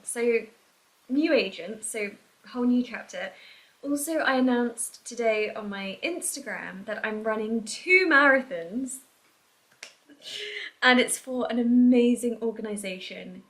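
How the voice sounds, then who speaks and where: A woman vlogging in a casual, chatty way, full of "like" and "um", her voice softening and trailing off at the ends of phrases. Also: medium pitch. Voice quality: soft-spoken, trails off quietly at phrase ends. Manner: chatty, filler-heavy with frequent "like" and "um". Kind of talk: casual vlog chat to camera. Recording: echoey room.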